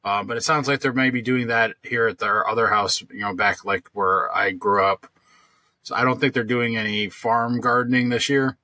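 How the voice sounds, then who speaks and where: A man's voice: medium pitch, fairly even intonation, normal speed, pushed and bright, no echo. A man co-hosting a podcast, telling a long story in casual chat, rambling with lots of fillers and restarts. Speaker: podcast co-host.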